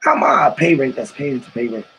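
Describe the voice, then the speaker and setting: A man hosting his own live stream, talking in loose, profane slang and firing off rhetorical questions. His voice is husky and a little rough. He sits at an ordinary mid pitch for a man. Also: fast, bright, forceful tone, low-quality recording. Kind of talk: rambling live stream talk.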